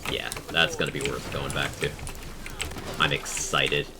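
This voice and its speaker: A man's voice: rumbling low, flat delivery, a little slow. A man streaming a video game live, chatting casually and explaining game mechanics to his viewers. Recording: noisy live-stream audio.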